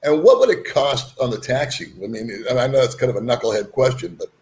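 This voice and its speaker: Male host, casual chat, rambling and frank, mid-pitched. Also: sing-song, fast, a little mellow. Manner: rambling, frank, folksy asides.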